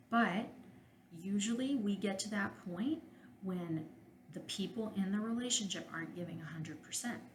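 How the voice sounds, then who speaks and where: A woman podcast host and couples therapist speaks straight to her listeners with frank, direct advice. Her voice sits on the lower side. The room around her is echoey, with a faint hiss underneath. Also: fairly bright tone. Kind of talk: solo podcast advice monologue.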